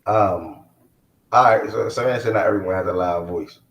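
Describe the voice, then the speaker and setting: A man with a very low voice hosts a loose sports stream, drawling his questions in easygoing slang. His voice comes back off the walls of an echoey room. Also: normal speed, a bit bright. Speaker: host. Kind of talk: casual live stream chat.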